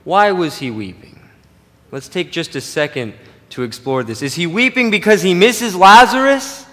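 A pastor preaching a sermon, swinging from loud emphatic peaks to quiet low asides. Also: male voice, expressive, moderate pace, big-room sound.

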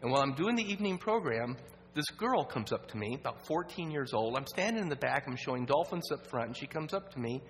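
A man tells a personal story as a sermon to a church audience. He speaks earnestly, trips over words and restarts, and drops his voice low at the heavy parts. The sound carries a long hall reverb over a faint steady hum. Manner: earnest, halting with restarts, drops to a hush at sad moments. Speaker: guest speaker at a church evening program.

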